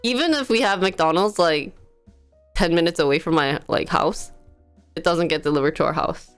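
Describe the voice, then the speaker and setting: With faint music behind her, a woman tells stories over a home livestream in a relaxed, chatty manner, laughing frequently. Her voice is lowish and smooth, and she speaks at normal speed.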